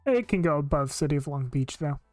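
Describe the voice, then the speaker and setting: A woman's voice: sits low, animated, brisk, a little mellow, dry recording, soft background music. A woman streaming live, giving blunt, opinionated casual commentary with frequent filler words.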